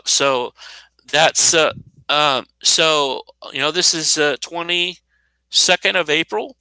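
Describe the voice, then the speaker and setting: An American commentator in his fifties delivers an unscripted, indignant monologue in a slightly high, pushed and bright voice. He is sarcastic and rambling, restarting often. The audio is poor, with no echo.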